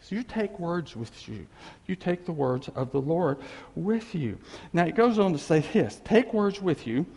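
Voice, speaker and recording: A man preaching a folksy, animated sermon with laughing asides, recorded in a church hall. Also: a little high, measured pace, vocal fry, breathy edge. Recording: echoey hall with long reverb.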